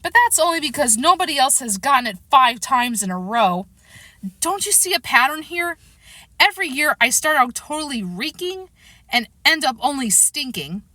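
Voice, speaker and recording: A woman's voice: high-pitched, big pitch swings, moderate pace, bright, forceful tone, dry recording, voice pushed up, full character voice. A woman reading a storybook aloud, voicing an anxious, embarrassed boy of about eleven who pleads in a raised voice. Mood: exasperated.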